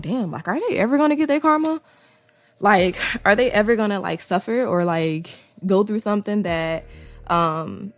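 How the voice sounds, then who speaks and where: A woman talking candidly to her viewers in a casual monologue, swearing freely and repeating key lines for emphasis. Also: lowish voice.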